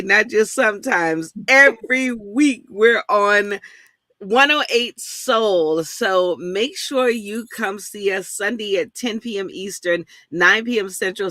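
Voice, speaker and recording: A woman's voice: mid-range voice, pushed and bright, dry recording. A woman co-hosting a casual talk show, playful and teasing, laughing often as she chats. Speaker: co-host. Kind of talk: casual chat.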